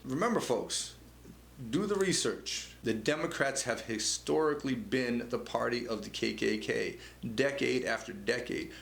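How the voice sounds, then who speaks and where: A man's voice: medium pitch, a little slow, vocal fry, a bit bright. A man hosting a political commentary show, talking conversationally with frequent stammered restarts and repeated words. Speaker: show host. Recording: echoey room with faint noise.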